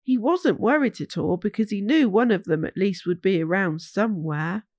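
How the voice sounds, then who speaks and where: A woman reading a children's bedtime story aloud, slow and soothing. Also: medium pitch, darkish tone, no room sound, studio quality.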